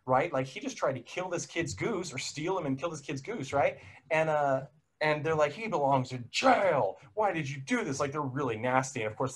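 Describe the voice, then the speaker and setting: A man's voice: medium pitch, slightly rough. A young man recapping a film in a casual podcast chat, rambling and self-correcting, laughing now and then.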